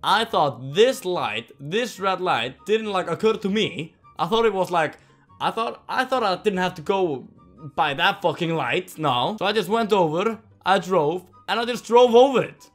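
A young man from Iceland with an Icelandic accent, telling a storytime while playing a game, excitable and swearing a lot as he yells at the game. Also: high-pitched, measured pace, faint music behind. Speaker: vlogger. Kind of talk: storytime over gameplay commentary.

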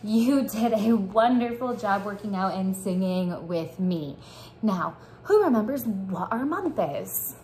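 A woman teaching young children a morning lesson, speaking slowly and encouraging them to repeat after her. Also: mid-range voice, expressive, darkish tone, slight background noise. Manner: slow, encouraging call-and-response teaching. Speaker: preschool teacher.

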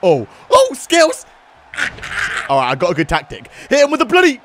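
A young man giving excitable, laughing commentary while playing a wrestling video game. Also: high voice, fast, slight background noise. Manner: loud, laughing, swings between shouts and mumbles. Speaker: gaming YouTuber.

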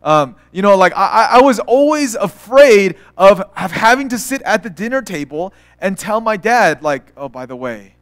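A young man with a notably high voice gives a relaxed, storytelling sermon as pastor. He talks casually, full of fillers and restarts, slipping in acted quotes, and the sound is close and dry with no room around it. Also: moderate pace, few pauses, dry recording.

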